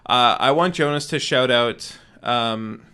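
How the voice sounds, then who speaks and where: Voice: mid-range voice, slow pace, pushed and bright, clear, resonant tone. A player in a tabletop game, talking in a laid-back, wry way. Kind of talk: casual tabletop game play.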